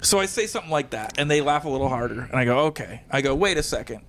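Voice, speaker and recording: A man casually telling an animated stand-up story, acting out quotes and using lots of fillers. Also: medium pitch, very fast, a little hiss or hum. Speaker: guest comedian.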